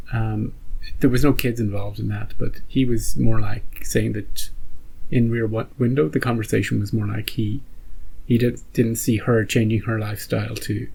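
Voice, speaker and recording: A man hosting a reaction video, rambling and joking with animated outbursts in casual commentary. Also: fairly low pitch, gravelly, breathy edge.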